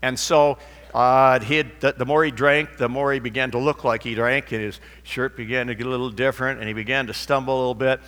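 A man's voice: medium pitch, steady tone, fairly quick, a bit bright. A man preaching a sermon in a rambling, anecdotal way with many restarts. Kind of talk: sermon with a told joke. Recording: long hall reverb.

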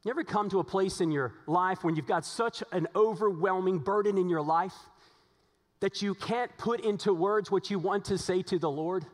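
A man delivers a Sunday sermon from the pulpit, voice sitting a little high for a man. He presses his points through repetition and rhetorical questions. The sound hangs in a long church reverb. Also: normal speed. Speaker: pastor.

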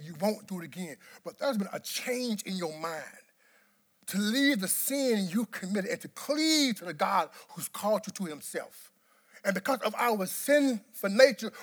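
This man preaches a sermon as pastor, moving between quiet, low speech and shouted emphasis. He drives points home by repeating words.

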